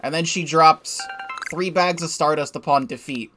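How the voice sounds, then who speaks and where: A man's voice: a little high, normal speed, pushed and bright, soft background music. A young man giving casual, rambling game commentary from his desk, swearing freely and laughing at himself. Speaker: let's play gamer.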